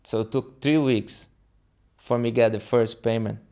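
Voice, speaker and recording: Speaking in a smooth, mid-range voice, a young Brazilian guest with a Brazilian accent acts out quoted dialogue with animation. His English is halting, as Portuguese is his first language, and the setting is a casual storytelling interview.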